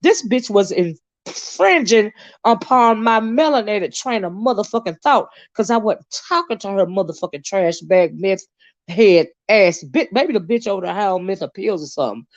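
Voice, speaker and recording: A woman host ranting on a live stream, swearing heavily and swinging between shouts and mutters. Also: moderate pace, no echo, muffled recording. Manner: profane, heated, swinging pitch. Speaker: online commentator.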